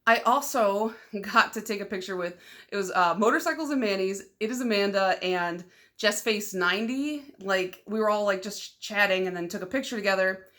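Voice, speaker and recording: At a normal speed and medium pitch, a young woman from Michigan rambles through casual chat on her nail polish vlog. Her speech is peppered with "like," and she's loud, excitable, and quick to laugh.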